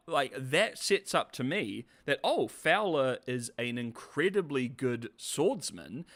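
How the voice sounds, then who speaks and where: Animated sarcastic male reviewer. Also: medium pitch. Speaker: video reviewer. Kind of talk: casual commentary.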